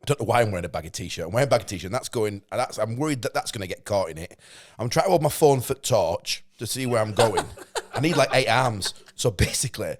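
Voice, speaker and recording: A young man spins a cringe-worthy tale in casual podcast chat. His pitch rises and falls in a very lively way, and he keeps laughing at himself. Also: fast. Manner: animated anecdote-telling with laughs. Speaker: podcast co-host.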